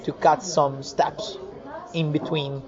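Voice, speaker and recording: A man's voice: a little high, flat delivery, takes it slowly. A man being interviewed about his comic art in a casual chat, telling stories animatedly with many restarts and repeated words. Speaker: comic artist guest. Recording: muffled recording with busy crowd.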